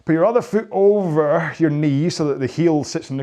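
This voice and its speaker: Talking briskly with hardly any pauses, this middle-aged man has a mellow voice that sits on the high side. He coaches post-rowing stretches in a follow-along format, chatty, self-mocking, and prone to wandering tangents.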